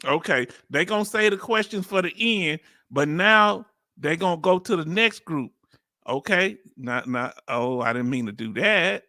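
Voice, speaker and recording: A man with a Southern accent hosting a reaction video, talking casually in a playful, animated way and laughing often. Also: on the high side, dry recording, clean studio sound. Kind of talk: casual live reaction commentary.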